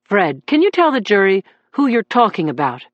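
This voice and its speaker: Lady doing a smooth unbothered lawyer guy, even and matter-of-fact, slightly dull audio. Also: high-pitched, a little fast, no room sound. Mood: composed. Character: cool, composed male defense lawyer. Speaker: defense attorney.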